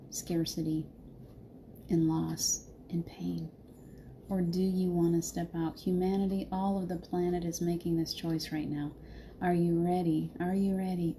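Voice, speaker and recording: A woman's voice: on the low side, mellow, a little hiss or hum. A middle-aged woman hosting a heartfelt live spiritual talk, laughing often and answering viewers by name.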